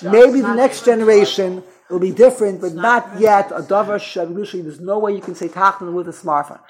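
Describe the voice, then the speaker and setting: High-pitched and a bit mellow, this man talks fast. He gives an informal Torah lecture to a small group in a chatty, meandering way, often breaking off and restarting what he's saying.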